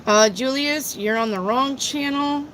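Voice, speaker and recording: Female live-stream tarot host, unhurried and talkative, reads out chat questions and answers them plainly. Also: high voice, fairly bright tone, a little hiss or hum, low-quality recording. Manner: chatty, slow and drawling, repeats herself.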